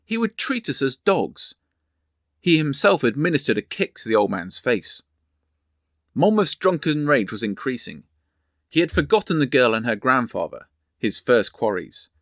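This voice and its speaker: A man narrating a history lesson, reading from sources and a novel in a measured storytelling way. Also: mid-range voice, big pitch swings, no echo, studio quality.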